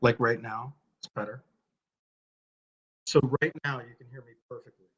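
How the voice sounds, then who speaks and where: A man's voice: mid-range voice, steady tone, normal speed, a bit bright, slightly rough, lo-fi sound. A man hosting a live stream, talking to his viewers through a laptop's built-in mic, blunt and profane, repeating his questions at people in the chat.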